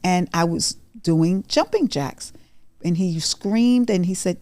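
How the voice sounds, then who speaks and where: Middle-aged woman host, earnest motivational talker, warm low voice, dry close sound. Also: expressive, unhurried, gravelly, dry recording. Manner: earnest, repeats phrases for emphasis. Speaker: podcast host. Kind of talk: motivational monologue.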